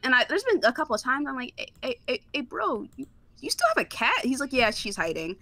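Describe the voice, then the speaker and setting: A woman's voice: sits high, very animated, fast, pushed and bright, no room sound. A woman guest on a podcast, chatting casually in a laid-back, slangy way with casual swearing. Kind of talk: casual chat.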